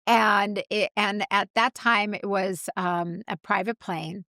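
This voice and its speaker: A middle-aged woman co-hosting a podcast, chatting casually and telling an animated story with acted-out quotes. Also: mid-range voice, slow, dry recording, studio quality. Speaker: podcast co-host. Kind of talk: casual chat.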